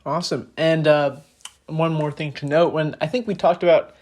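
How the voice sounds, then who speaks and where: A man's voice: on the high side, steady tone, moderate pace, darkish tone. A young man hosting a casual podcast, speaking with a slight lisp and explaining ideas earnestly with frequent fillers. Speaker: podcast host.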